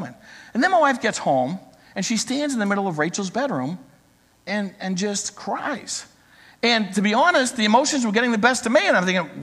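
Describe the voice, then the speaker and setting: A man's voice: high voice, sing-song, normal speed, creaky, fairly bright tone, breathy edge. A man in his sixties preaching a sermon as pastor, talking conversationally and joking with the congregation. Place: church. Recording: reverberant church hall.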